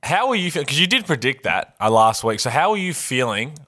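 A man's voice: mid-range voice, sing-song, a little fast, bright, forceful tone. A man co-hosting a sports podcast in easygoing, teasing casual chat. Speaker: podcast co-host.

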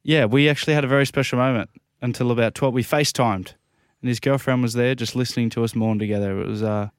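A man co-hosting a radio show, talking in a mock-earnest, deadpan way. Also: medium pitch, fast, no room sound, clean studio sound. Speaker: co-host. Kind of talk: casual radio chat.

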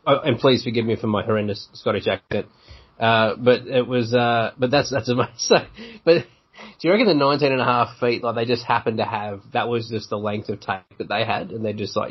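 An Australian man hosting a casual sports podcast, enthusiastic and quick to laugh, with blokey slang. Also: mid-range voice, fairly even intonation, slightly rough. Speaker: podcast host. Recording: dull lo-fi podcast audio.

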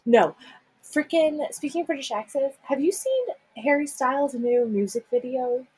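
A young woman from the Midwest co-hosting a podcast in casual chat, giggly and animated, often gasping and exclaiming. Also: high-pitched, a little slow, low-quality recording. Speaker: podcast co-host.

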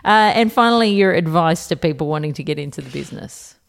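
An Australian woman with a notably low-pitched voice interviews her guest. She is playful and eager, laughing easily and bouncing jokes back and forth in a relaxed, casual chat. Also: quick pace, gravelly. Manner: playful, giggly, eager to riff along. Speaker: radio interviewer.

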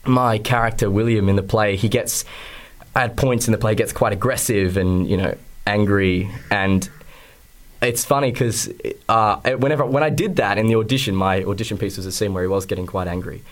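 A young man with an Australian accent talks about his stage role in a loose, conversational way. His voice sits somewhat low, and he often trails off, restarts and fills pauses as he finds his words. It sounds like a casual student radio interview. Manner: chatty, hesitant with many fillers and restarts. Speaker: actor interviewed about a play.

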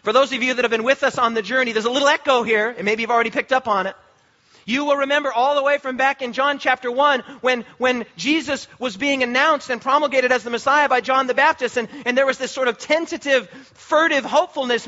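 High bright-voiced male preacher. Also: highs cut off. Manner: impassioned, slow emphatic preaching with repetition. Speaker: pastor. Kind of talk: sermon.

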